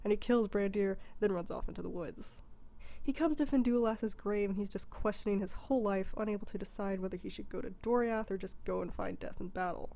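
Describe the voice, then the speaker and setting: A woman's voice: mid-range voice, brisk, creaky, warm tone, highs cut off. A woman narrating a comedic abridged retelling in a casual, irreverent way.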